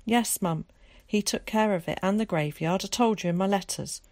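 A woman's voice: medium pitch, darkish tone, no room sound, clean studio sound, lightly acted. A woman voicing an earnest young boy, an evacuee pleading with his mother in a storybook reading. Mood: anxious. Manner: earnest, pleading, quick to explain. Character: cheeky eager young London boy, evacuee.

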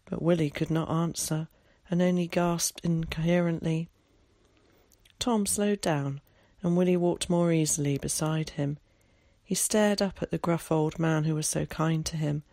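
A narrator reading a novel aloud in a measured storytelling manner. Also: medium pitch, steady tone, dark tone, dry recording, clean studio sound. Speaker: audiobook narrator. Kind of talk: scripted narration.

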